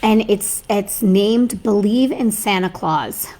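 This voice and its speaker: A woman's voice: medium pitch, slow pace, darkish tone. A woman hosting a casual live stream as Mrs. Claus. She is chatty and scattered, reads out viewer comments and often loses her train of thought. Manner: reads a story aloud to viewers. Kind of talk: casual livestream chat reading viewer comments.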